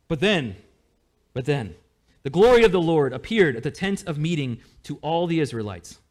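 A man preaching a sermon as pastor, in a conversational, animated way. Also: on the high side, normal speed. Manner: conversational, animated, with small laughs.

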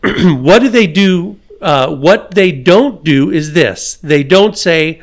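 A man's voice: a little high, expressive, unhurried, few pauses. A man hosting a podcast, reading a story aloud with his own asides and chuckles. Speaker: podcast host.

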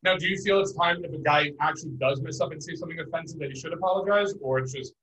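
A man's voice: on the high side, racing, fairly bright tone. A man hosting a casual chat, rephrasing ideas and acting out little scenes. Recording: dull lo-fi sound.

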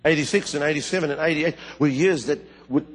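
A middle-aged man preaching a sermon, telling stories with fervor and sudden high, loud bursts. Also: quick pace. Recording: long hall reverb.

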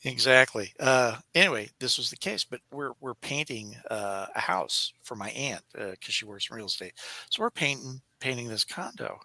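A man co-hosting a casual chat podcast, telling animated stories and acting out other people's voices. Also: medium pitch, moderate pace, creaky, no room sound. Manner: animated storyteller who acts out voices. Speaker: podcast co-host.

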